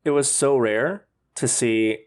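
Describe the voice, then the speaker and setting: A man's voice: medium pitch, slow pace, smooth. A man co-hosting a podcast in casual chat, rambling and snarky with lots of filler words. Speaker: podcast co-host.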